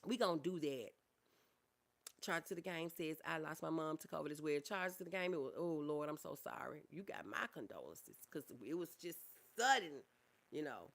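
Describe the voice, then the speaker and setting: A woman's voice: low voice, animated, moderate pace, vocal fry. Middle-aged woman livestreaming, chatting with viewers. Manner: reads viewer comments aloud and answers them warmly; calls listeners honey and y'all. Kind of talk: casual livestream chat.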